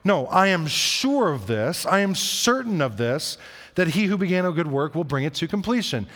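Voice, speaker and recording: A man's voice: a little high, sing-song, moderate pace, fairly bright tone. Earnest preaching man in a reverberant hall. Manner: earnest, repetitive, conversational preaching. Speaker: pastor. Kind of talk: sermon.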